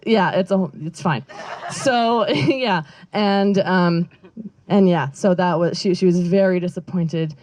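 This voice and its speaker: A woman's voice: fairly low pitch, takes it slowly, darkish tone, no room sound. A young adult woman doing stand-up outdoors, telling a story in a rambling, self-interrupting way and giggling often. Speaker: stand-up comedian. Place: outdoor backyard show.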